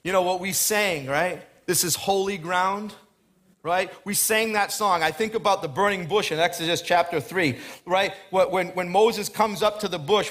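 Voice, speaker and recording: A man's voice: high-pitched, a bit bright. A man preaching a sermon in a church, telling his own story in a chatty way and building into emphatic preaching. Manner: storytelling, chatty, quick asides with laughs. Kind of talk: sermon with personal testimony. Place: church stage.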